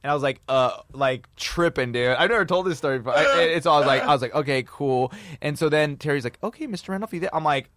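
A man's voice: on the high side, quick pace, few pauses, fairly bright tone, no room sound, clean studio sound. A man in his forties telling a long casual story, profane and full of "dude" and "like". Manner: profane, peppers talk with "dude" and "like". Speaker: podcast guest storyteller.

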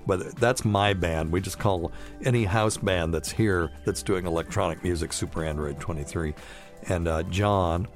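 A man hosting a casual live-stream podcast, chatting loosely and joking with chuckles. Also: deep voice. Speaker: podcast host.

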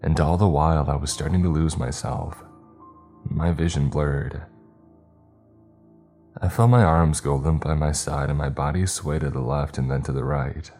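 Brief: man, extremely low, dark voice, steady story narration, faint music behind. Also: normal speed. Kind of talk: first-person story narration.

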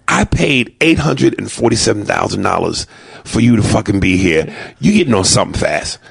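A man's voice: on the low side, lively intonation, vocal fry, breathy edge, no echo. A middle-aged man from New York with a New York accent, telling profane stand-up stories about his kids and acting out their voices. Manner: loud, profane, acts out family members in quick voices. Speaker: stand-up comedian. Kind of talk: stand-up storytelling.

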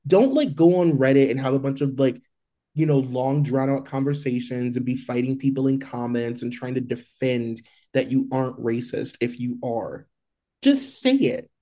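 A man co-hosting a podcast in casual chat, talking in an exasperated, animated way and swearing freely. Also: medium pitch, normal speed. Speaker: podcast co-host.

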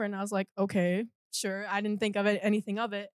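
A woman's voice: medium pitch, level tone, fairly quick, few pauses, no room sound, clean studio sound. A woman telling a story in casual chat, filling it with "like" and acting out what people said. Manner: chatty, full of "like", acts out quotes.

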